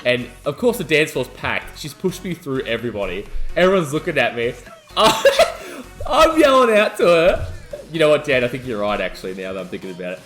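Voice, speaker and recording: A young adult man, co-hosting a podcast and telling a wild story in excitable casual chat. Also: medium pitch, fast, few pauses, music in the background. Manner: animated, excitable storytelling, yelling out quoted lines. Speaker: podcast co-host.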